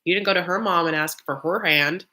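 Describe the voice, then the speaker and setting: Woman, reaction-stream host, lowish pitch but sharp and bright, chatty, sassy, casual commentary. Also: fairly quick. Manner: chatty and sassy, full of "like" and "honey". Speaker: live reaction show host.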